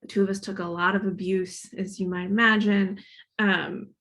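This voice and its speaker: A woman's voice: medium pitch, flat delivery, normal speed, fairly bright tone. A woman in her thirties from Northern Kentucky with a Midwestern accent touched by Boston, speaking as a guest author in a casual, reflective way and thinking aloud. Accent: Midwestern with a slight Boston inflection. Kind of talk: casual conversational talk at a library author event.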